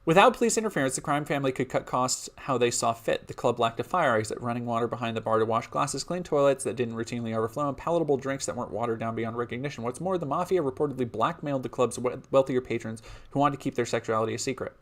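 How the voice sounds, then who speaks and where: A man's voice: mid-range voice, fast, few pauses, fairly bright tone. A man streaming live, reading a history script aloud and breaking off for casual, laughing asides to chat. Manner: casual, laughing asides between read passages.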